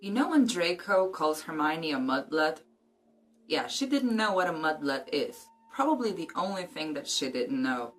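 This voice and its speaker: A woman's voice: low-pitched, big pitch swings, moderate pace, faint music behind. A woman vlogger casually discussing a book and reading passages aloud, with joking, cheeky asides.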